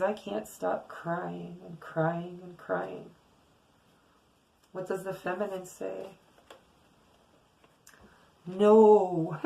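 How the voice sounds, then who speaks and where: A woman's voice: on the low side, gravelly, a little mellow, low-quality recording. A middle-aged woman giving a casual, earnest tarot reading to her viewers, often repeating words for emphasis. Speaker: tarot reader.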